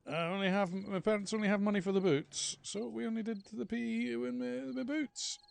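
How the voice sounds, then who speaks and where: A pleading schoolboy with no money explains himself in a high, thin, earnest voice, as a man puts him on. His words come slowly and plaintively. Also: little pitch movement, creaky, clear, resonant tone.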